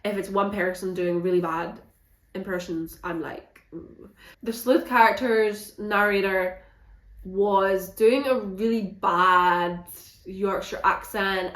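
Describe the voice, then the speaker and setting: A woman giving a frank, animated book wrap-up in a casual vlog, swearing now and then. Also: medium pitch, reverberant. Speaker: book reviewer.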